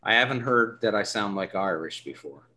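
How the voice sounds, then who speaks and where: A man's voice: on the low side, expressive, bright, forceful tone, a little hiss or hum. Newfoundland-accented male podcast host, casual and rambling. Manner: chatty, rambling, quick to laugh.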